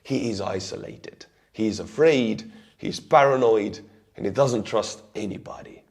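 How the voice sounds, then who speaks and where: A man with an Estonian accent, his voice hoarse and worn. He sits a little low in pitch and talks earnestly through a news update, calling his viewers his friends. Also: moderate pace, darkish tone. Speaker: war update host. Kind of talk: news commentary.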